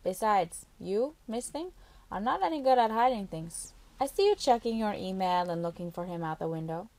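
A woman's voice: mid-range voice, animated, normal speed, darkish tone, no echo, natural voice. A woman voicing a teasing, motherly middle-aged female nurse in an audiobook, scolding lightly. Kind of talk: audiobook character voice.

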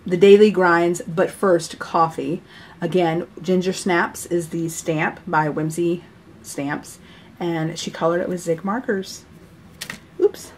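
A woman's voice: fairly low pitch, slight background noise. A middle-aged woman casually chatting as she shows off handmade greeting cards, gushing and laughing often. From United States. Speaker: card-making YouTuber. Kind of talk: casual chat showing mailed cards.

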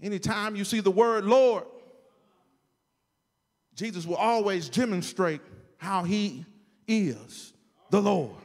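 In a church sanctuary with long hall reverb, a male guest preacher delivers a sermon in a high-pitched voice, speaking slowly with many pauses. He alternates between shouting and quiet whispers, addressing the congregation directly.

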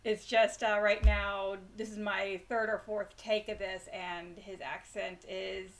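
A woman's voice: medium pitch, flat delivery, slow pace. A woman hosting a bedtime story channel, chatting casually and self-deprecatingly before reading a chapter aloud. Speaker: storyteller host.

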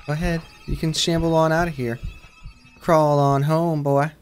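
A man putting on a slow, teasing Southern drawl to shoo off a monster in a horror game. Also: fairly high pitch, little pitch movement, faint music behind, pitched above the performer's own voice, natural voice. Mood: taunting. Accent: American Southern.

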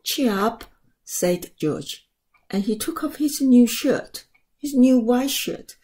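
A woman reading a picture book aloud as story time reader, soft, slow and expressive. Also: a little high, husky.

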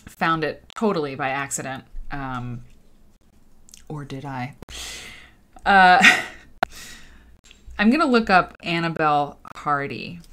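Woman livestream host, lowish voice, unhurried, chatty and emotional, faint background hiss. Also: lively intonation, pushed and bright. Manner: emotional, talks to viewers and reads comments aloud. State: tearful at times. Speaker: host of a livestreamed quilting show. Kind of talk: casual livestream chat.

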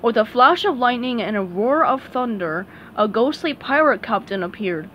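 A woman reading a children's storybook aloud with animated, expressive narration. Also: medium pitch, moderate pace, slight background noise. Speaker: storybook reader.

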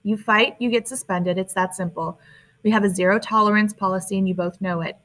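A woman's voice: medium pitch, steady tone, brisk, a bit bright, natural voice, low-quality recording. A woman reading a stern female school official. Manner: blunt, no-nonsense. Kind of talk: audiobook character reading.

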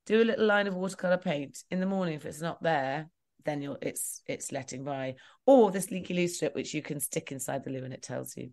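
A woman with a low, slightly mellow voice talks a little fast as a guest property expert in a casual interview. She gives practical home advice in a chatty, rambling style, often correcting herself mid-sentence and laughing.

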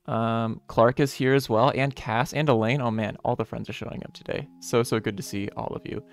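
A man hosting a casual live stream. He greets viewers one by one in an upbeat, friendly way, with playful, softly self-mocking asides. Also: mid-range voice, fairly even intonation, a little fast, no echo. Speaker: streamer and game developer. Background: faint lo-fi music.

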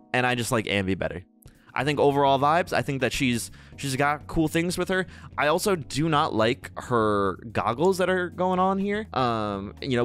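A man's voice: mid-range voice, fairly bright tone. A man talking casually as he ranks game characters, playful and rambling, with theatrical asides. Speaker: gaming YouTuber. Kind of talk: casual tier-list commentary.

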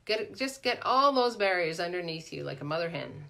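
A middle-aged woman coaching in a casual live stream, animated and chatty, often ending points with "right?" and greeting viewers by name. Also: fairly low pitch, brisk, gravelly. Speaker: life coach hosting a live Q&A.

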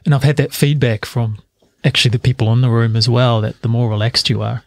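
A man's voice: medium pitch, fairly even intonation, fairly quick, dry recording, studio quality. A man co-hosting a casual podcast chat, earnest and encouraging, restarting his sentences as he thinks.

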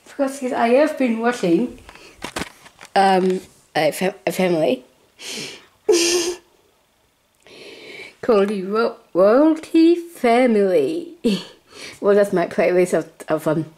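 A woman chatting casually to camera as a vlogger, giggling between phrases and rambling excitedly. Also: medium pitch, takes it slowly, long pauses. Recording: roomy echo.

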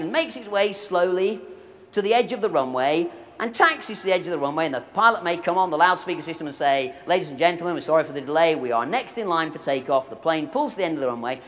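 A man with a high, slightly bright voice preaches a sermon at a conference, telling humorous stories and speaking directly to his listeners. It was recorded live in a large, reverberant conference hall.

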